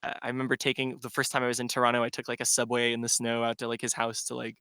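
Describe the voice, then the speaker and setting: A DJ guest on a casual podcast tells a long, rambling story packed with "like." His mid-range voice is monotone, very fast, pushed and bright, with a clean tone in a dry, clean studio recording.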